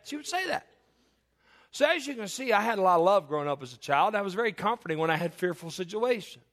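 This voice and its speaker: A man's voice: high voice, a bit bright. Folksy preacher man, storytelling. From Eastern Kentucky. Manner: folksy storytelling with many restarts and asides. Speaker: pastor. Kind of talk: sermon.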